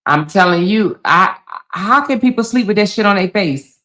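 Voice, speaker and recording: Woman host for a casual live-stream chat: loud, blunt, cusses freely, quick to laugh, bright and forceful tone. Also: medium pitch, animated.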